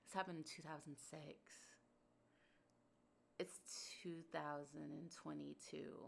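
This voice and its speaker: Gravelly, low-voiced woman podcast host. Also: steady tone, slow, long pauses, slight background noise. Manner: earnest, emphatic, repeats phrases for stress. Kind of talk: personal reflective podcast monologue.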